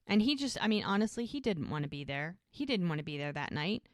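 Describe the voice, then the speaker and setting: A woman's voice: lowish voice, sing-song, no room sound, studio quality. A woman co-hosting a podcast, casually recapping a show and acting out the characters' lines. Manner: acts out characters' lines in quick impressions. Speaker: podcast co-host.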